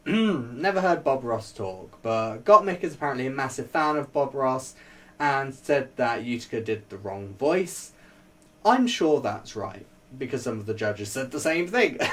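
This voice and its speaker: A man giving a casual, rambling spoken review, full of fillers and quick laughs. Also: a little high, recorded from a distance. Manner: chatty, rambling, laughs often, many fillers. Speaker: vlogger reviewing a TV show.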